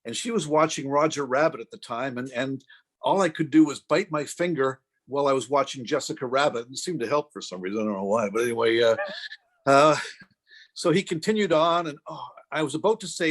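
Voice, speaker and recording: A man's voice: mid-range voice, fairly quick. A middle-aged man casually telling a self-deprecating story as a podcast co-host, acting out the voices of the people in it. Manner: anecdotal, self-deprecating, acts out quoted voices.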